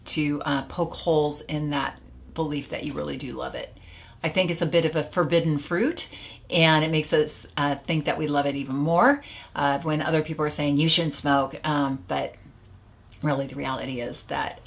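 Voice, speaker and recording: A woman who coaches smokers, talking to camera in a casual, chatty way with lots of filler words. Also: low-pitched. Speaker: stop-smoking coach. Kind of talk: casual teaching video.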